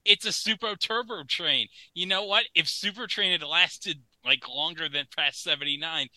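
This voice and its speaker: A man's voice: on the high side, normal speed, pushed and bright, no room sound, rough recording. A man co-hosting a podcast, riffing jokingly in casual comedic commentary on an old TV broadcast. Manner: jokey, puts on silly announcer voices. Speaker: podcast co-host.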